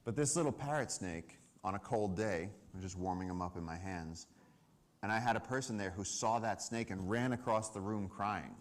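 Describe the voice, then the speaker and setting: Lively man telling wildlife stories. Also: fairly low pitch, moderate pace. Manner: animated, acts out quoted people. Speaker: conservation speaker. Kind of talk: storytelling talk to a live audience. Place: summit stage before an audience.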